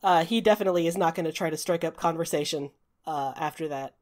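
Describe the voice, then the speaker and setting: A woman's voice: deep voice, fast, darkish tone. A woman narrating a tabletop game as game master, chatty, with many fillers and restarts. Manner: chatty, frequent "uh" fillers, restarts mid-sentence.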